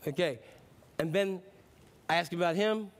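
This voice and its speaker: A middle-aged pastor delivers a sermon in a conversational style that climbs into emphatic declarations. His voice sits high and moves at a moderate pace.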